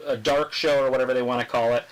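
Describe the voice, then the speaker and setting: A man hosting a casual live wrestling watch-along, chatting, joking and reading viewer comments aloud while his voice grows hoarse. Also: mid-range voice, fairly even intonation, fast, low-quality recording. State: losing his voice. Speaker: livestream host.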